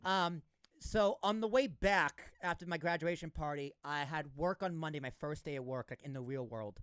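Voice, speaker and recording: A young man from Massachusetts hosting a podcast in a studio, telling a story in an animated, self-mocking way. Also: fairly high pitch, moderate pace, smooth, no room sound. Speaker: podcast host. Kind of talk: casual chat. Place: recording studio.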